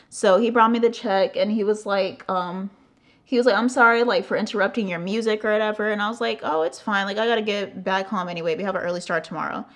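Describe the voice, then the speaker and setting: Young woman, vlogger, casual storytime, animated, acts out quotes, cusses a lot, medium pitch. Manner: animated, swearing, acting out quotes, frequent "like" fillers.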